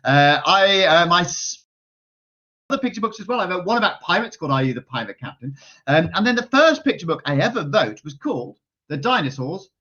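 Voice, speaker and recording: A man's voice: high voice, sing-song, fairly quick. Playful man leading a kids' show. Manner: playful, chatty, coaxes the audience to join in. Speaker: children's author performing for kids. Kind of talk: lively children's show with call-and-response. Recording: dull lo-fi sound with loud guitar and keyboard music.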